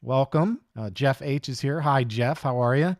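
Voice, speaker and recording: A man's voice: mid-range voice, moderate pace, no room sound, studio quality. A middle-aged man hosting a live hobby stream, chatting casually in a rambling, easygoing way and greeting viewers by name. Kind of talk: casual livestream chat.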